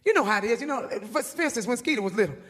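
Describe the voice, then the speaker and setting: Fast folksy woman storyteller. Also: fairly high pitch, expressive, a bit bright, in a large hall. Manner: folksy, chatty, repeats words for laughs. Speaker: gospel singer doing stand-up. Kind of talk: comic storytelling.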